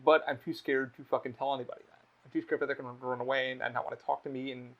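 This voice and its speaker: A man hosting a casual podcast, telling stories in a blunt, animated way with a lot of swearing. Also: mid-range voice, rapid-fire. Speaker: podcast host. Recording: slightly dull lo-fi audio.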